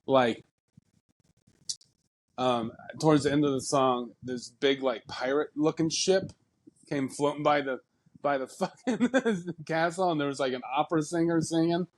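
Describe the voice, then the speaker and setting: A man's voice: on the high side, normal speed. A man co-hosting a podcast, rambling through a story with lots of "um" and "like". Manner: rambling, many fillers, laughs often. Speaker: podcast co-host. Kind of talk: casual chat.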